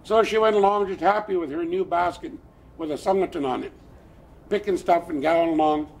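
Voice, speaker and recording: An elderly man tells a traditional tale in a plainspoken, animated way. His voice sits high and has a gravelly edge. A faint hiss runs underneath. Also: fairly quick. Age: older. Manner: animated, plainspoken, chuckling asides. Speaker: storyteller, elder. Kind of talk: oral traditional storytelling.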